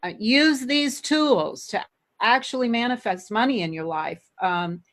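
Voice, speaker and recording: A woman hosting a podcast, asking her guest questions in halting speech that restarts phrases. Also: a little high, animated, slight background noise. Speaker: podcast host. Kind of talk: interview questions.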